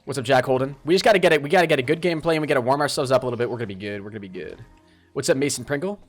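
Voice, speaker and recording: A man streaming a game live, commenting on play and talking straight to his chat in a lively, apologetic way. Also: medium pitch, racing, soft background music. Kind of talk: live gameplay commentary and chat shout-outs.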